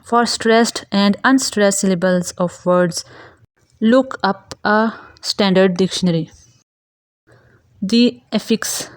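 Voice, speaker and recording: A woman teaches grammar at an unhurried pace, reading each definition and example word carefully. Her voice sits at a middle pitch, and her delivery is measured and scripted. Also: no room sound. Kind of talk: slow scripted grammar lesson.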